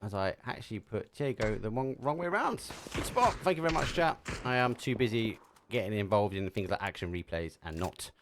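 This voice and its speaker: Lively English caster with an Essex accent. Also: male voice, on the low side, a little fast, hardly any pauses, background noise. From England. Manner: lively, jokey, says mate a lot. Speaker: esports caster. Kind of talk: live esports commentary.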